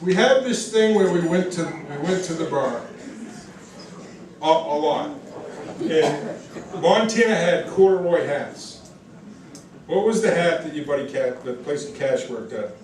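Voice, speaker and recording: Man, roast speech, rambling stories, laughs at his own jokes, swears, high voice, echoey room, distant mic, background noise. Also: animated, unhurried, pauses often, darkish tone. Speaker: friend giving a roast speech.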